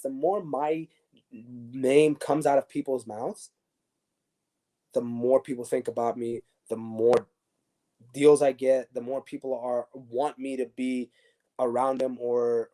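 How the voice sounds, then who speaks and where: A man, a former professional soccer defender, telling stories in a casual interview with lots of restarts and fillers. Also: medium pitch. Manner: animated, many restarts and fillers.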